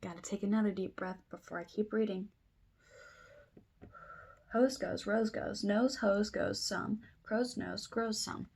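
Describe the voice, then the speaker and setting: A woman reading a children's book aloud at circle time, trying tongue twisters slowly and then fast, with playful asides. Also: medium pitch, fairly even intonation, creaky, a little mellow, breathy edge. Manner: reads tongue twisters slowly, then races through them, comments playfully.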